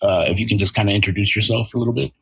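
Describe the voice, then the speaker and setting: Host: low, husky-voiced man, easygoing interviewer. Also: fairly even intonation, very fast, a bit bright. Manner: laid-back, many fillers and restarts. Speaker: podcast host. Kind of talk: casual interview.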